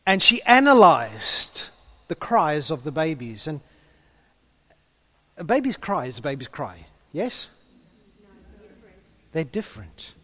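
Male preacher, bright voice, slightly high, conversational sermon, joking asides. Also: big pitch swings, slow pace, pauses often. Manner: conversational, humorous asides, some stumbles.

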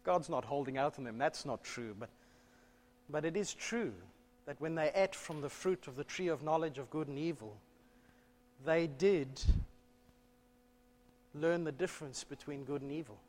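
A man preaching a sermon in church, telling a story with animated delivery and rhetorical questions. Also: on the high side, moderate pace, pauses often. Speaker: pastor. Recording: long church reverb.

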